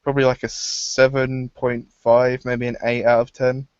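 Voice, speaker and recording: A young man reviewing films in a casual chat, animated, laughing often and acting out lines. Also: medium pitch, normal speed, clean tone, dry recording, dull audio. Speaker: film reviewer.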